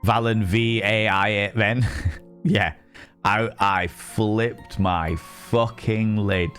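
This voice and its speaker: Man, low voice, livestream chat, profane, emphatic, repeats phrases, faint background music. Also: fairly even intonation, extremely slow, a bit bright. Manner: repeats phrases and restarts mid-sentence. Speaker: streamer and voice actor.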